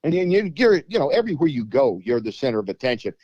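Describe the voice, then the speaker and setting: A man with a warm, relaxed voice hosts a casual interview. He asks chatty, rambling questions and sometimes stammers at the start. The recording is dry and dull. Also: mid-range voice, fast talker, dry recording. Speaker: show host. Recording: dull lo-fi audio.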